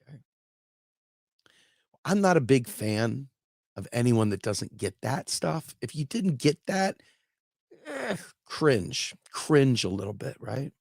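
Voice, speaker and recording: A man's voice: mid-range voice, sing-song, takes it slowly, creaky, a little mellow, slightly rough, no room sound, clean studio sound. A man hosting opinionated solo political commentary who talks bluntly, with swearing and sarcasm.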